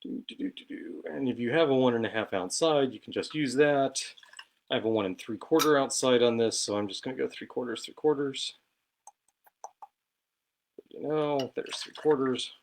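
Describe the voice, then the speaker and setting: A man's voice: mid-range voice, brisk, a little hiss or hum. A man hosting a casual cocktail show from his home bar, chatty and self-deprecating as he talks through each step while mixing.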